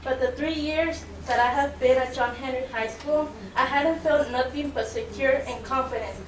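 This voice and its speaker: A teenage girl from Mexico speaks, her tongue. She pleads earnestly and defiantly, near tears, her voice pitched high. The sound comes from a distance, with a roomy echo. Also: steady tone, moderate pace, slight background noise. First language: Spanish. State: close to tears. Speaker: student giving public comment. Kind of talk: emotional public testimony. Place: public board meeting room. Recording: echoey meeting room from far off.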